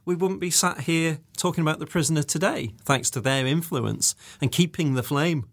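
A man's voice: fairly high pitch, moderate pace. A man co-hosting a podcast, chatting casually and introducing and questioning a guest in a friendly way. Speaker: podcast co-host. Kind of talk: casual chat and interviewing.

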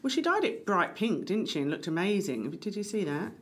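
A woman's voice: medium pitch, sing-song, slight background noise. A woman co-hosting a podcast, chatting casually with a wry, conversational manner. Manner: conversational, wry, lists things off briskly. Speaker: podcast co-host. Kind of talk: casual chat.

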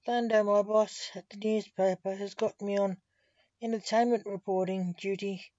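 A woman's voice: medium pitch, steady tone, normal speed, warm tone, no echo, lo-fi sound, natural voice. A male necromancer voiced by a woman. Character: male necromancer, a newspaper reporter.

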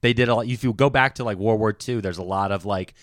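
A man co-hosting a podcast, joking casually and deadpan while reading out patron names. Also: fairly low pitch, quick pace, no room sound, clean studio sound. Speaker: podcast co-host.

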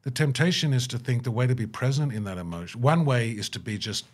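A man being interviewed about his humanitarian work, talking earnestly and acting out bits of dialogue. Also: quick pace. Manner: earnest, acts out quoted dialogue with rising pitch. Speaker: guest, humanitarian worker. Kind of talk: reflective interview talk.

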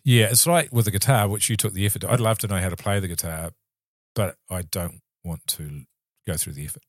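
A New Zealand-accented man co-hosts a podcast, chatting casually in a rambling, self-deprecating manner. His low voice moves briskly, and the clean studio sound has no echo.

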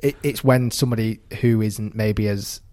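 A man's voice: fairly low pitch, steady tone, normal speed, warm tone. A man co-hosting a podcast in casual chat, thinking aloud and often restarting his sentences. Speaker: podcast co-host.

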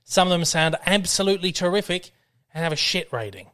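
A man with an Australian accent hosting a casual podcast from his dining room, chatty and quick to laugh. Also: sits high, lively intonation, sharp tone. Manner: chatty, laughs easily, reads listener emails aloud. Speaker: podcast host.

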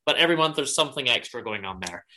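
A man's voice: mid-range voice, animated, rapid-fire, pushed and bright. A man co-hosting a book podcast, chatting casually with lots of fillers and upbeat plugs. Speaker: podcast co-host. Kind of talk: casual chat.

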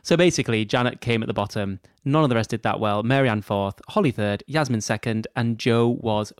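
A man co-hosting a podcast, relaxed and conversational as he recaps and chats. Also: medium pitch, a little fast, clear, resonant tone, dry recording, clean studio sound. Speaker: podcast co-host. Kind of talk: casual chat.

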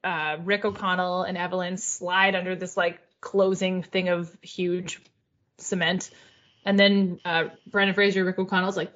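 A woman's voice: fairly low pitch, steady tone, normal speed, fairly bright tone, muffled recording. A woman hosting a podcast, recapping in a chatty, casual way with lots of filler words and some swearing. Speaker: podcast host.

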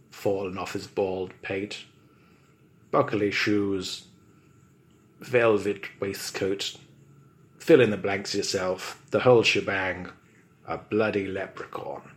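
A man improvising a comic story in a mock-pompous, wordy narrating voice. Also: fairly low pitch.

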